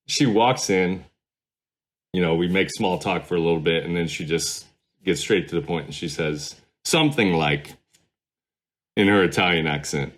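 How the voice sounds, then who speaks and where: A man's voice: deep voice, measured pace, pauses often. A middle-aged man, a former pastor, telling his story as a podcast guest in a rambling, casual way. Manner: rambling, many fillers and restarts.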